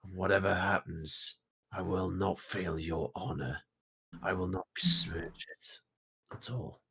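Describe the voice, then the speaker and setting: A British man voicing a solemn male warrior who slowly swears an oath to his fallen god. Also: low voice, fairly even intonation, vocal fry, pushed and bright, slightly rough, pitched below the performer's own voice, heavily acted. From Britain. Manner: slow, grave oath-taking.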